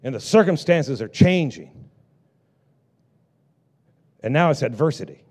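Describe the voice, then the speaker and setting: A middle-aged male pastor preaching a sermon, swinging between loud bursts and hushed lines. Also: medium pitch, animated, a little slow.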